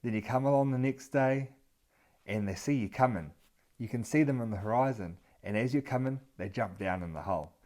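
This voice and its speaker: A man's voice: medium pitch, a little fast. A man and regular vlogger telling a story straight to camera in a casual, conversational way, talking the viewer through it. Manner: relaxed, conversational, second-person storytelling.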